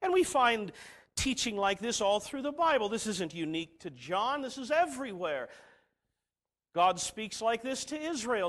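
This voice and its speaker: A middle-aged man preaches in a voice that sits high and leaps all over the place. He drops to soft, almost confiding asides, then rises to emphatic, ringing declarations. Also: very animated, normal speed. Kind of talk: sermon.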